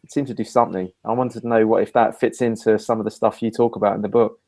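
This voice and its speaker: Man, talk show host, animated storyteller, casual chat. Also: quick pace, gravelly. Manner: animated storyteller, rising pitch when acting out his own quoted lines. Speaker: podcast host. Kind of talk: casual conversation, telling a story.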